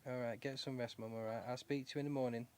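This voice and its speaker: A man's voice: mid-range voice, fairly even intonation, fast. A man chatting casually as co-host, easygoing, blunt and reassuring. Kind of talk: casual chat.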